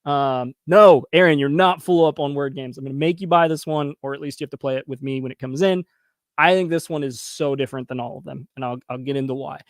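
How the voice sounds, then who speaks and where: A man in his thirties hosting a casual review show, chatty and quick to laugh, talking straight to his viewers. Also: mid-range voice, no room sound, clean studio sound. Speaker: host reviewing crowdfunding pages. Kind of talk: casual commentary.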